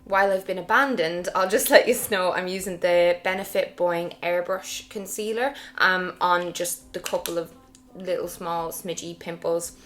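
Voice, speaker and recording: Bright-toned Irish woman, lower pitch. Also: fairly even intonation, moderate pace. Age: young adult. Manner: chatty, laughs easily, frank. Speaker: guest vlogger. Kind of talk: casual chat while doing makeup. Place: indoors, getting ready.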